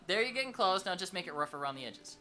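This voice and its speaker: Playful bright-voiced tabletop player. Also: mid-range voice, very animated, fast talker, soft background music. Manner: playful, laughing, coaching. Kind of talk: casual tabletop game chat.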